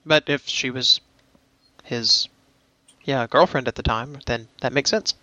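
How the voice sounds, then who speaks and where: A man's voice: medium pitch, fairly even intonation, measured pace, pushed and bright, dry recording. A man co-hosting a casual podcast discussion, talking with frequent hesitations and fillers. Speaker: podcast co-host.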